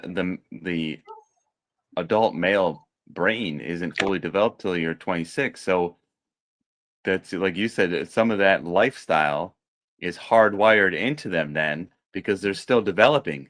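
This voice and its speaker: A man co-hosting a casual podcast chat, speaking in a steady, earnest way. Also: low voice. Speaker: podcast co-host.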